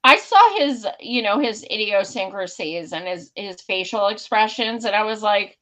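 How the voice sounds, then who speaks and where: A woman's voice: mid-range voice, expressive, normal speed, few pauses, a bit bright, low-quality recording. A woman hosting a podcast, talking politics in a blunt, heated, profane way. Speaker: podcast host. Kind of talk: casual political chat.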